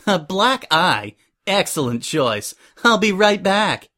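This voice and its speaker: A man's voice: fairly high pitch, lively intonation, normal speed, bright, forceful tone. A man voicing a scheming, two-faced female pony designer who talks sweetly to her boss and bosses her intern around. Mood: gushing sweet. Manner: sugary in front, snapping and bossy in private.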